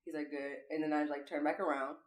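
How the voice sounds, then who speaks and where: A woman co-hosting a podcast, telling a story in casual, profane, animated chat. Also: deep voice, fast. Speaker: podcast co-host. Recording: echoey room.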